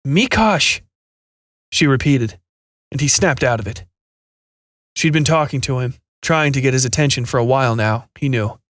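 A man narrating a scripted science fiction horror story in a steady, measured reading. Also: medium pitch, dry recording, studio quality.

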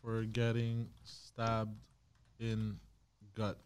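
A man's voice: lowish voice, completely flat delivery, extremely slow, clear, resonant tone. Hesitant man reading search results aloud. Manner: looks things up and reads them out, hesitant. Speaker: podcast co-host. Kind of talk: casual chat.

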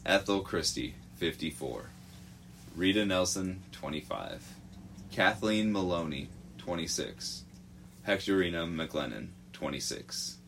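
A man hosting a podcast, narrating a true-crime story in a casual, halting way with lots of fillers and some swearing. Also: deep voice, lively intonation, creaky, fairly bright tone, slight background noise. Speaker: podcast host.

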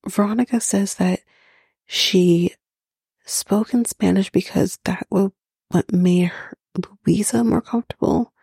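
A woman's voice: medium pitch, creaky, dark tone, husky, no room sound, clean studio sound. A woman hosting a podcast, recapping a reality show in a blunt, chatty way with plenty of swearing. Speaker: podcast host.

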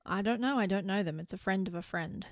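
Young Australian woman podcaster, casual, rambling, mid pitch, dry close mic. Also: dry recording. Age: young adult. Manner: chatty, rambling, quick to laugh. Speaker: podcast co-host. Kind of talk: casual chat.

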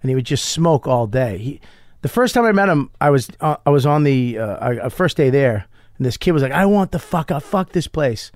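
A middle-aged man, a comedian guest, telling a story in casual chat with profane, animated bursts. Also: mid-range voice, fairly quick, dry recording.

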